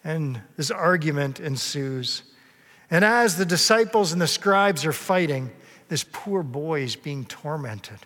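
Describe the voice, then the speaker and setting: A man delivers a sermon with a fairly high voice, earnest and storytelling, now and then slipping into the voices of the people in his story. His words ring out with a long reverb, as if in a large church sanctuary. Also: lively intonation, unhurried, fairly bright tone. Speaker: pastor.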